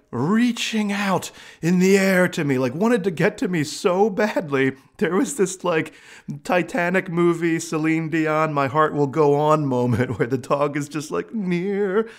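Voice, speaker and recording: This middle-aged psychic medium has a fairly high voice and tells funny stories from his work in a casual monologue. He's animated, laughs often, and acts out the voices of the people and pets he quotes.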